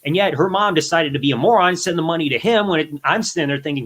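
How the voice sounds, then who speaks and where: A man on a live call, venting at length. His voice sits a little high, and he talks in a heated, rambling run of complaints. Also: fast, a bit bright. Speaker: caller.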